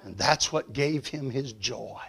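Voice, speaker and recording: A man preaching a revival sermon in a church. He tells a story and swells loud and high at the climaxes, then drops soft at the closes. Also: unhurried, creaky. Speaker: evangelist preacher. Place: church sanctuary.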